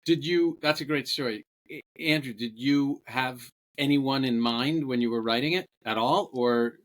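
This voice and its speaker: A man's voice: mid-range voice, normal speed. Curious male podcast host. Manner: curious, interjecting questions with laughter. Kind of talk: casual interview chat.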